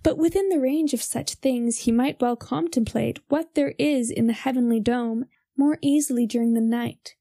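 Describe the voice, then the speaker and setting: A young woman reading a philosophy text aloud in a measured, formal way. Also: fairly high pitch, mellow, no echo, clean studio sound.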